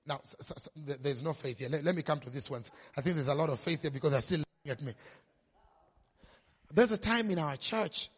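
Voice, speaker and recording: A man's voice: fairly high pitch, a little fast, slightly rough. A male pastor telling a story in a sermon, acting out the quoted voices. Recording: long hall reverb.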